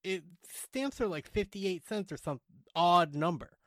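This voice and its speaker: A man's voice: high-pitched, lively intonation, unhurried, a bit bright, no room sound. A man co-hosting a podcast, telling a story with casual swearing and acting out the people in it. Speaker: podcast co-host.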